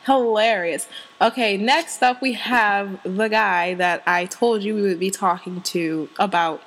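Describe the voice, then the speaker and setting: A woman's voice: mid-range voice, unhurried, fairly bright tone, low-quality recording. A young woman hosting her own radio show, chatting casually, laughing a lot and playfully exasperated. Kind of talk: casual chat.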